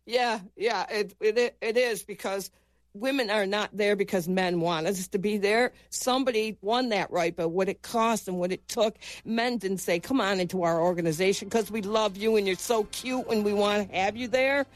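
A woman's voice: medium pitch, normal speed, no echo. A middle-aged American woman tells her story in an interview, earnest and insistent, doubling back on words when she gets moved. The sound is dry and close, with no room around her voice. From United States. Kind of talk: emotional personal recollection.

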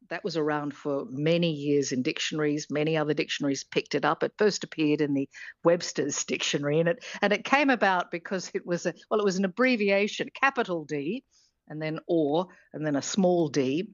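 A woman's voice: fairly low pitch, no room sound. A woman, a linguistics professor explaining as a radio guest, hesitant with many fillers and restarts. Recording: dull lo-fi remote line.

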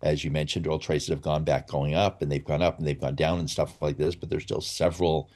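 A man's voice: rumbling low, level tone, fairly quick, darkish tone. A man giving blunt, opinionated commentary in a radio interview. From United States. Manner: blunt and opinionated, with dry laughs. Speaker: commentator, former public radio editor.

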